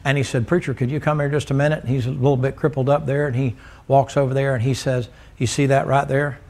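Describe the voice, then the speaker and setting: His medium-pitched voice is a little mellow and flat in delivery, though he talks fast. The man is a preacher giving a folksy, joking sermon in church, telling stories and teasing the congregation.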